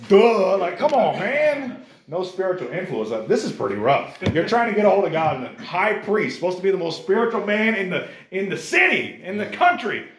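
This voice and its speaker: A man's voice: sits high, fairly quick, hardly any pauses. Man preaching in an echoey church. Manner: conversational, animated, keeps addressing the listeners as "guys". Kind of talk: sermon. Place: church service.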